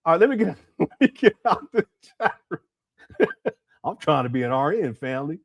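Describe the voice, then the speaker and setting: A giggly, rambling man hosts a casual livestream, talking with his chat in a high, very animated voice. He keeps laughing and breaking into bits of song. The sound is close and dry. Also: moderate pace, gravelly, dry recording. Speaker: livestream host. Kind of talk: casual live-chat commentary.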